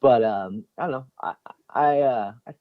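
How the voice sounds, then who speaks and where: A man's voice: mid-range voice, normal speed, no room sound. A man in casual podcast chat as a guest co-host and former bandmate, rambling and joking. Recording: muffled lo-fi audio.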